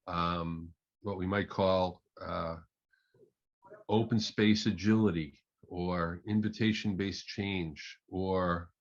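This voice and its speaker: A man, a management consultant and keynote speaker, telling a story in a conversational, halting way with many fillers. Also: low-pitched. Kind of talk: storytelling talk. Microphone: online call audio. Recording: muffled online call audio.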